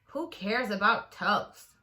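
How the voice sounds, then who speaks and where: A woman voicing a grumpy, stern old neighbor woman who speaks slowly and grumbles. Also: mid-range voice, expressive, sharp tone. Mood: grumbling. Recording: echoey room.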